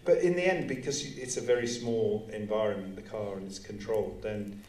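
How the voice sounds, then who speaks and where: A male filmmaker explaining his process at a live audience Q&A, in a measured, explanatory way. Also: lowish voice, a little mellow, distant mic. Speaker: writer and director. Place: cinema auditorium. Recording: roomy hall sound, voice from off-mic.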